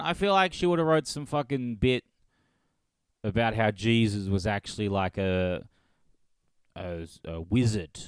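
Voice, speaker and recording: A man's voice: lowish voice, measured pace, long pauses, clear, resonant tone, no room sound. A man hosting a solo comedy podcast, rambling and swearing as he laughs at his own jokes. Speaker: podcast host.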